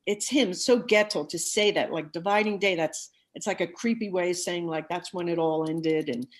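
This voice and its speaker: A woman's voice: on the low side, moderate pace. A woman voice coach giving masterclass feedback, gushing over the singing and singing bits of the lyrics as she explains. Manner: effusive, sings snippets of the lyrics while explaining.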